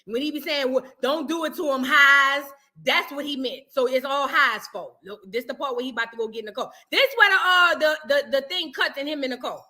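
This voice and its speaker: A woman hosting a live reaction stream, joking and animated in heavy slang. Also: high-pitched, quick pace, hardly any pauses. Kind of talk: casual live-stream commentary.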